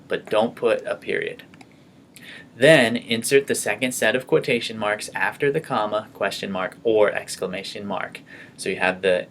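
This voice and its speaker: A man's voice: lowish voice, a bit bright, slight background noise. A man teaching a grammar lesson, explaining each step patiently, often checking in with "okay" and repeating himself. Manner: patient, explaining step by step, frequent okays and restarts.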